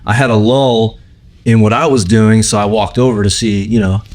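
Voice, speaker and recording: Give me a man narrating a personal anecdote as host of his own show. His voice sits on the low side, and he talks loosely, circling back over his words. It feels easygoing and unscripted. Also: steady tone, moderate pace, darkish tone. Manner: rambling, many fillers and "like". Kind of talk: casual storytelling.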